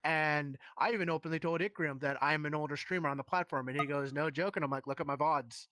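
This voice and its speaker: A man's voice: on the high side, steady tone, fast, pushed and bright, dry recording. A man who streams, telling a rambling, heated story in casual live-stream chat with many restarts.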